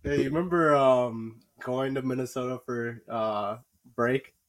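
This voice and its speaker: A man's voice: mid-range voice, a little slow. A young man co-hosting a podcast, laughing readily and pulling the chat back to the guest's questions. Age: young adult. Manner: steers the interview, laughs readily. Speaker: podcast co-host. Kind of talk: casual podcast interview.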